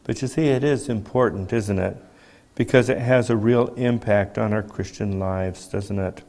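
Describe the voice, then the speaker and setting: A man preaching a sermon in a measured teaching tone, asking rhetorical questions as he explains. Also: lowish voice, darkish tone.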